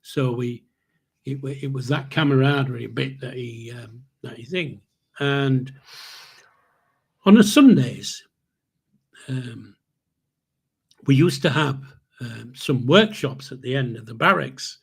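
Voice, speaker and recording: A man's voice: mid-range voice, slow pace, vocal fry, pauses often, slightly rough. An older man hosting a podcast, telling stories in a casual, rambling way with restarts and chuckles. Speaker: podcast host. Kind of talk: casual storytelling.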